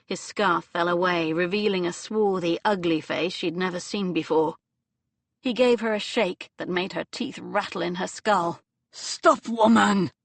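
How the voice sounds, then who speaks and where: A woman reading an audiobook novel in measured, dramatic storytelling narration on a close studio mic. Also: fairly low pitch, no room sound.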